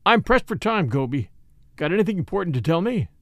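Man acting out a gruff middle-aged tycoon, blunt, commanding, audiobook reading, lively pitch, dry recording. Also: fairly quick, dry recording, full character voice. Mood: curt, urgent. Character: gruff middle-aged American millionaire father.

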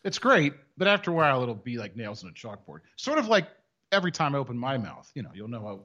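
A man's voice: mid-range voice, big pitch swings, fast, sharp tone, dull audio. A man co-hosting a sports radio show, wisecracking and often laughing. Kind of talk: casual banter.

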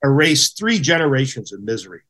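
A middle-aged man telling stories as a podcast guest, with a voice of ordinary pitch. He talks in a casual, animated way and acts out the people he quotes. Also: brisk. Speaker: podcast guest, former hockey goaltender. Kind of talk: casual storytelling.

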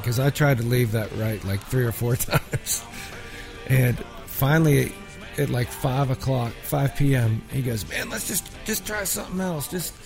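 A man from a small town in Pennsylvania, a songwriter telling rambling, filler-heavy stories in a casual interview. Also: medium pitch. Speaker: songwriter guest.

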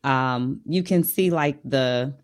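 Woman on a podcast, really low voice, halting, keeps searching for words. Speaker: podcast co-host. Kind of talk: casual chat.

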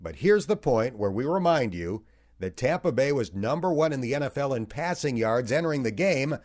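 Give me a man narrating a football game recap with a lively, wry delivery. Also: medium pitch, moderate pace. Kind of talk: scripted sports recap narration.

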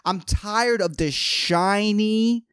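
A man's voice: high voice, drawn-out words, a bit bright, smooth, no room sound, studio quality. Sweary, exasperated man ranting. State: tired late at night. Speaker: podcast host. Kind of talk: profane comedic rant.

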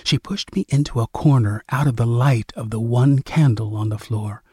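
A man narrating a story in a measured, expressive reading. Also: medium pitch, breathy edge, no room sound, studio quality.

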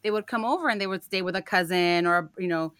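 A young adult woman from a Mexican-American family co-hosts a parenting podcast, telling stories in relaxed, chatty conversation and dropping in Spanish phrases. Her voice is fairly low, a bit bright and clean, and she talks fast on a dry recording.

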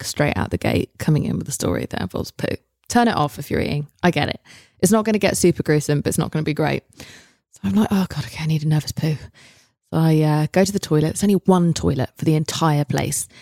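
A woman's voice: deep voice, animated, fast, creaky, darkish tone, no room sound, clean studio sound. A woman in her thirties with an English accent, telling a story solo on her podcast in a candid, self-mocking way, swearing freely. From England. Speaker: podcast host.

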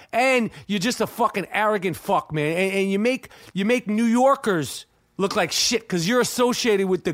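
A man, hosting a podcast in an animated, profane comedic rant, swearing and repeating himself. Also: high-pitched. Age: 40s. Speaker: podcast host.

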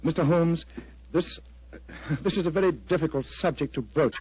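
A man's voice: a little high, moderate pace, a little mellow, breathy edge. An agitated earnest clergyman. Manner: earnest, pleading. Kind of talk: vintage radio drama acting. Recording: dry, dull lo-fi old radio recording.

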